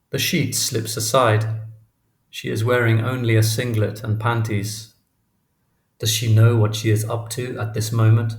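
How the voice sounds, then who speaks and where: A man reads a literary novel aloud in a steady, measured way. His voice is fairly low. The recording has a roomy echo around it. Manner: measured, even reading. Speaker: audiobook narrator. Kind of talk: scripted narration.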